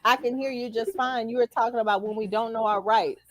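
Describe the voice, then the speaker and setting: A woman's voice: on the high side, fairly even intonation, brisk, a little hiss or hum, poor audio. A woman hosting a casual talk show, outspoken and opinionated, with a joking edge. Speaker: show host.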